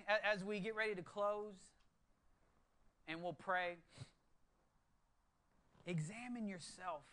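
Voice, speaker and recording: A man in his thirties preaching a sermon to his church, moving from hushed, earnest low tones to excited bursts. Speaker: pastor.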